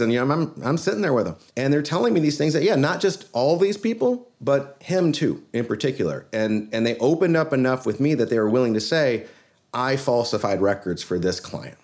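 A man, a trial lawyer guest on a podcast, telling a case story in an earnest, animated way. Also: fairly high pitch.

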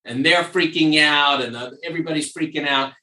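A man from New York, a surgeon co-hosting a podcast, telling animated stories in casual chat and repeating phrases for emphasis. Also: on the high side, fairly quick, distant mic. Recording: echoey room, voice off-mic.

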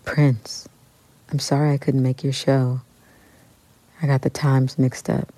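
Woman doing a soft-spoken famous guy on the phone, slow and gentle, close dry sound. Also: medium pitch, flat delivery, dry recording, lightly acted, poor audio. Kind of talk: quoted phone call in a story.

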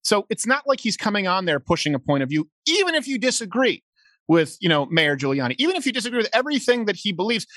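A man guesting on a talk show, riffing sarcastically in loose, rambling bursts. His voice sits fairly high and swings widely in pitch. The sound is close and dry. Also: very animated, quick pace, fairly bright tone, no echo. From Canada. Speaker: podcast guest, show host. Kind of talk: opinionated casual chat.

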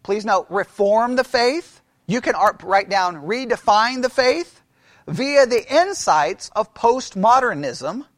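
A man's voice: high-pitched, expressive, slow, few pauses, dry recording, clean studio sound. A man lecturing a Bible class in a conversational way, quizzing his listeners and repeating key phrases.

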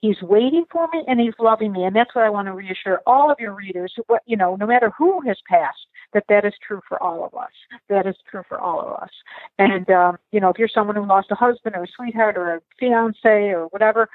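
A woman's voice: medium pitch, a little fast, no echo. A woman guest speaking emotionally in a casual interview, often restarting her sentences and laughing easily. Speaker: guest author and storyteller. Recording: tinny phone-like remote call.

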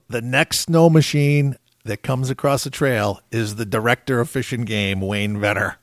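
A man's voice: mid-range voice, a little slow, no room sound, clean studio sound. A middle-aged man, a game warden, casually telling a story and acting out what people said. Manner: laid-back storyteller acting out quotes.

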